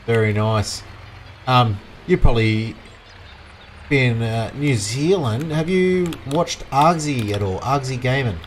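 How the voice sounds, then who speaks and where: While playing a farming game live, this Australian gamer offers loose, wandering commentary and talks with viewers. He speaks slowly at medium pitch with lively intonation, over a slight hiss or hum.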